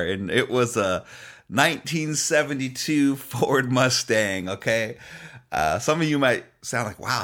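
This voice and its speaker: A man delivers a sermon as a pastor, his voice sitting at a middle pitch. He tells personal stories with animated energy, laughing easily as he goes. He keeps checking in with his listeners. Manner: animated storytelling, laughs often, asks "okay?".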